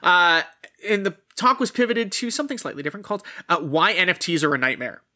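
A man's voice: high-pitched, very animated, fast, pushed and bright, slight background noise. A man co-hosting a casual gaming news podcast, profane and punchy, reading stories and quotes aloud. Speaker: podcast co-host.

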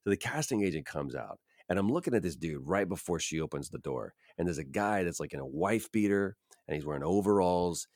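A man with a very low voice tells a story in a loose, self-deprecating way, full of ums and restarts. He sits close to the mic in a dry room with no echo. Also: expressive, fairly quick, hardly any pauses, darkish tone. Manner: rambling, self-deprecating, many fillers. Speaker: actor guest. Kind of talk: casual storytelling.

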